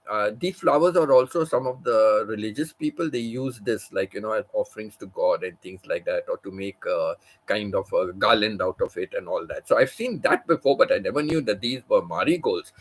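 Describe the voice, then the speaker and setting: A man, a livestream host, telling a long personal story in casual chat, full of "you know" and restarts. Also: on the low side. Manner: rambling, many fillers like "you know".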